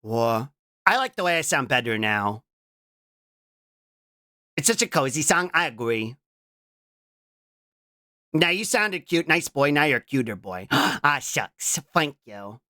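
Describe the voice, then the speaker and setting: A man's voice: on the high side, very animated, measured pace, pauses often, bright, forceful tone, dry recording, clean studio sound. A young man streaming casually as a VTuber, rambling with restarts and giggles and breaking in with a repeated blurted "What?" tic. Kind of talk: casual live-stream chat.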